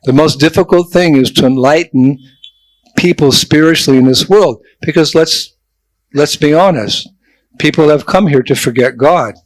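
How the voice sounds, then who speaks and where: A man's voice: fairly high pitch, moderate pace, no room sound, poor audio. An older man, a traveling monk, giving a sermon to young people, telling stories with jokes and asides. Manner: lively storytelling with jokes and asides. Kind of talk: sermon to a youth festival.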